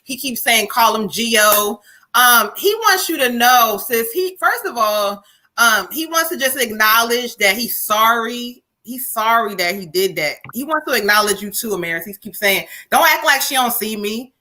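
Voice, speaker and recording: Woman medium, live-stream reading, higher voice, bright and forceful, slangy profane delivery. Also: moderate pace. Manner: slangy and profane, relays a spirit's words in lively bursts.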